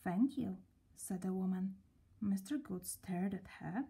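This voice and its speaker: A woman reading a children's story aloud, gently and at a slow, storybook pace. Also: mid-range voice, husky.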